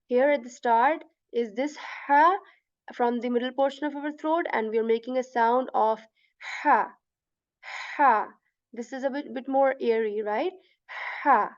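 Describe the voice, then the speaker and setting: A woman teaching letter pronunciation step by step, patiently repeating each sound slowly and checking in with "right?". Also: on the high side, fairly even intonation, dry recording, highs cut off. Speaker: Quran recitation teacher.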